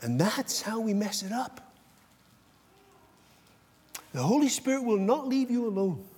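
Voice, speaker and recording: A man delivers a sermon with an intense, animated energy, swinging from loud outbursts down to hushed asides. His voice sits high and carries a husky edge. The sound rings with the long reverb of a large hall. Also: unhurried. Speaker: pastor.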